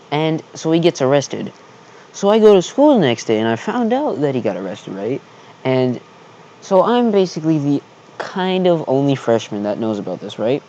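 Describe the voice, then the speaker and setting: A man's voice: fairly high pitch, warm tone, lo-fi sound. A young man telling a personal story in a loose storytime vlog, profane and chatty, checking in with "right?" often. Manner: loose, profane storytelling with frequent 'right?' tags and laughs. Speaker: channel host telling a story.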